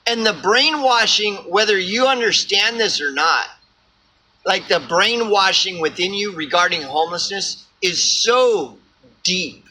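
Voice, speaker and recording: A man's voice: sits high, lively intonation, unhurried, sharp tone, a little hiss or hum, low-quality recording. A homeless man ranting to camera, swearing often and stumbling over repeated words. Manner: profane, rambling, repeats words. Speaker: vlogger. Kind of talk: ranting monologue.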